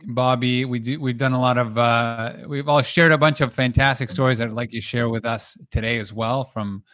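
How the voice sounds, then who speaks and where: A man's voice: mid-range voice, fairly even intonation, brisk, fairly bright tone, no echo. A man co-hosting a casual podcast interview, asking loose, rambling questions. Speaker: co-host.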